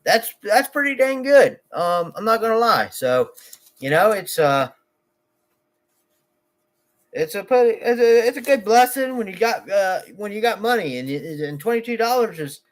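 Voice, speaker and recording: Rambling, jokey man with a higher voice. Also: very animated. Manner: jokey, rambling, quick to say he's kidding. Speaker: lawn care business owner vlogging. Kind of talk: casual rambling vlog talk.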